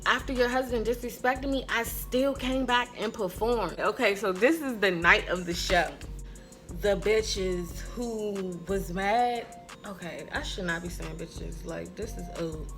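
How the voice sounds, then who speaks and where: Bright-voiced woman telling a story. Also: medium pitch, moderate pace, few pauses, faint music behind. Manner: animated, profane, laughing often. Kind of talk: casual storytime monologue.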